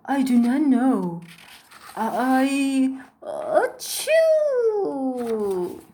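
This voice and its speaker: A woman's voice: high voice, animated, extremely slow, a little mellow, a little hiss or hum, heavily acted. A woman reading a storybook aloud, voicing a worried, sneezy male elephant who stammers and frets. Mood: fretful. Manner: stammering, sniffly, fretful.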